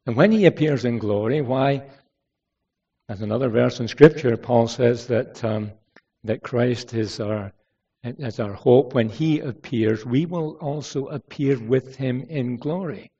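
Male preacher, mellow tone, conversational sermon with rhetorical questions, heard from a distance on a dull recording. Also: medium pitch, unhurried, breathy edge. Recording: dull lo-fi sound from some distance.

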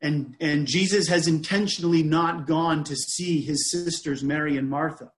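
A man preaching a sermon in a measured, deliberate way, often restarting his phrases. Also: fairly high pitch, steady tone, reverberant.

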